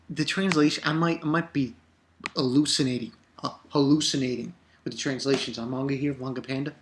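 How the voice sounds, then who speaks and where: A man talks through a comic chapter in a loose, rambling vlog, getting worked up and dropping swear words as he goes. His voice sits at an ordinary middle pitch. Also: a little fast, slight background noise. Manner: excitable, rambling, swears often. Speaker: comic reviewer. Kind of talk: casual comic review vlog.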